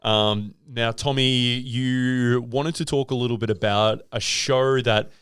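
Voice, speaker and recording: A man's voice: medium pitch, steady tone, a little slow, fairly bright tone, smooth, no room sound. A young man with an Australian accent, co-hosting a podcast in a playful, dry, agreeable way. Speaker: podcast co-host. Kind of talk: casual chat.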